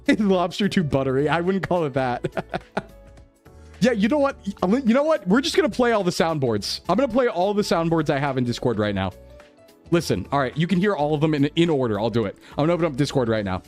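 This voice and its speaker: A man streaming live, chatting casually and laughing as he defends himself in a flustered way. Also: on the high side. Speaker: VTuber streamer. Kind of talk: casual livestream chat. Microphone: desktop streaming mic.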